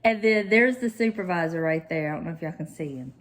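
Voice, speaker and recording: A woman with a warm Southern drawl chats to her camera at home. She keeps it loose and teasing, with a laugh never far away. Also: on the low side, fast talker. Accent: Southern American. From Southern United States. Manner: chatty and teasing, laughs often. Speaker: lifestyle vlogger. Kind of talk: casual chat to camera.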